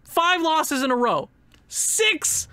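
A man's voice: extremely high pitch, very animated, slow pace, bright, forceful tone, no room sound. A man giving casual commentary over a sports game, sarcastic and exasperated, with bursts of pained laughter. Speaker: gaming YouTuber.

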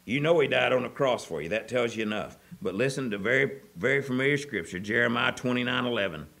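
A middle-aged pastor from preaching a sermon, moving from quiet storytelling to loud, urgent appeals. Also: male voice, medium pitch, animated, quick pace, vocal fry.

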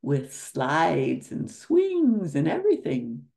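A woman reading aloud as a cheerful young boy who leads his friends at play, in her own slow, gravelly storybook voice. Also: low-pitched, huge pitch swings, mellow, heavily acted.

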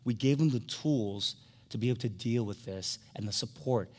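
A middle-aged man preaching a sermon as pastor, animated, swinging from emphatic peaks down to soft, quiet storytelling. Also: medium pitch, moderate pace, breathy edge. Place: large church sanctuary. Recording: long hall reverb from a church sanctuary.

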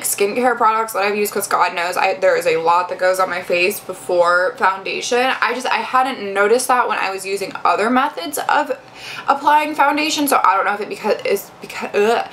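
A woman's voice: medium pitch, fairly bright tone, slight background noise, rough recording. Chatty young woman rambling through a review. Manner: chatty, rambling with many fillers and restarts. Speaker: beauty vlogger. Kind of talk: casual product review.

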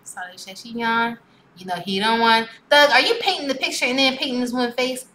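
A woman's voice: a little high, fairly quick. A woman hosting a music video reaction, chatting casually and exclaiming back at the screen. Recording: roomy echo with music playing.

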